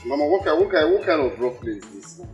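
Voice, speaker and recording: A Nigerian actor playing a hungry young man who complains loudly and argues, with music clearly under the film audio. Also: mid-range voice, very animated, highs cut off, close to an everyday voice. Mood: complaining. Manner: loud, complaining, quick to argue. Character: hungry, quarrelsome young man, easily annoyed. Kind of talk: Nollywood film acting.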